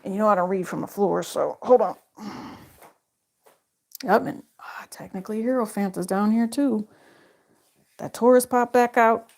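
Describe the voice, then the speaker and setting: Lady doing a tarot reading for viewers, chatty and slangy, mid-pitched voice. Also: moderate pace, vocal fry, long pauses. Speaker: tarot reader. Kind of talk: casual tarot reading to camera.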